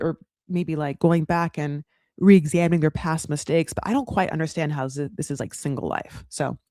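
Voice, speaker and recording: A woman hosting a casual reality TV recap, talking in sassy, animated bursts and swearing freely. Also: lowish voice, no room sound, studio quality.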